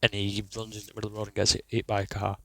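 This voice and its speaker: A man's voice: lowish voice, completely flat delivery, racing, vocal fry, pushed and bright, no room sound, low-quality recording. A young man, telling a rambling, sweary personal story in a casual way. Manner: rambling, sweary, restarts a lot.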